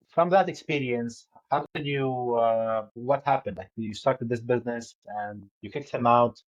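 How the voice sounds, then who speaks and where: A man's voice: mid-range voice, lo-fi sound. A male podcast host asking interview questions, hesitant, with fillers and restarts as he frames each question.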